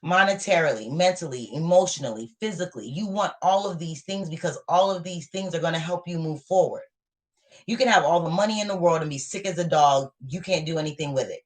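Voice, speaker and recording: A woman's voice: low voice, a little fast. A woman giving a live tarot reading to viewers, talking in a motivational way and repeating her points for emphasis. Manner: repetitive, motivational, affirming. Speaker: tarot reader.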